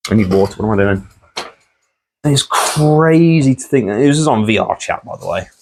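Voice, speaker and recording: Rambling, profane man, low voice. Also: animated, moderate pace, a little hiss or hum. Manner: rambling, profane, laughing at the story. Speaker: commentator. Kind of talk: casual commentary vlog.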